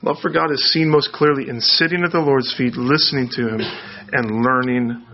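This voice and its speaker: A man's voice: medium pitch, fairly even intonation, moderate pace, faint music behind. A man from the United States preaching a conversational sermon, asking rhetorical questions and often restarting his sentences. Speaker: pastor. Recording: dull lo-fi sound.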